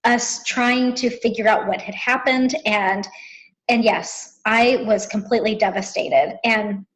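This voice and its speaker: A woman in her thirties speaks in an earnest, heartfelt way, pausing often to find her words. Her voice sits fairly high and she talks slowly and unhurriedly. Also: a bit bright, poor audio. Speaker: guest, best friend. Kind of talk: emotional conversation.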